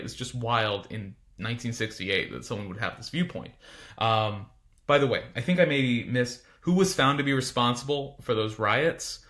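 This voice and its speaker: A man's voice: medium pitch, fairly bright tone. A man teaching a casual recorded history lecture, informal and chatty with frequent asides.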